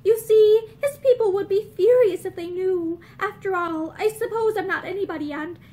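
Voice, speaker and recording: A woman's voice: very high voice, moderate pace, dark tone. Woman voicing Esther, a timid young woman. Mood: hesitant. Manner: hesitant, self-effacing. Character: timid, troubled, tender-hearted young woman.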